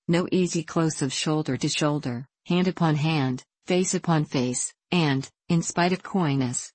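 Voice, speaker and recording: A woman narrating a classic novel in a measured, even reading, giving the dialogue gentle voices. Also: sits low, no echo, poor audio. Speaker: audiobook narrator.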